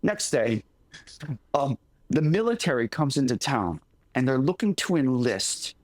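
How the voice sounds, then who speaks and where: A man's voice: medium pitch, sing-song, a little slow, darkish tone, dry recording. Rambling podcast co-host, man. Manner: rambling, storytelling, frequent restarts and fillers. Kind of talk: casual chat.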